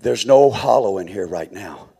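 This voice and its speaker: A man preaching a sermon as pastor, swinging from quiet, low passages to high, shouted calls. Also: lively intonation, moderate pace, creaky, breathy edge.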